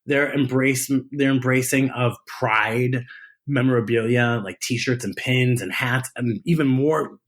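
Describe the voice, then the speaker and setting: A man talks as an interview guest in a relaxed, chatty way. He tells stories with lots of energy, laughs and giggles often, and restarts his sentences as he goes. His voice sits at an ordinary middle pitch. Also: measured pace. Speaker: guest, drag performer. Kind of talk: casual interview chat.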